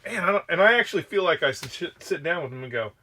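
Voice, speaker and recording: A man's voice: on the high side, quick pace, slight background noise. A man co-hosting a casual podcast, telling profane anecdotes about old friends and acting out their lines. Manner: profane, animated anecdotes with acted quotes. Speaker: podcast co-host. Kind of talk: casual storytelling.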